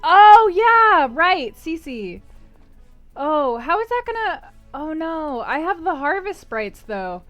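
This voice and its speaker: A woman's voice: high-pitched, very animated, takes it slowly, a bit bright, dry recording, soft background music. A woman streamer chatting casually while she plays, rambling and laughing often. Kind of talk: casual chat while gaming.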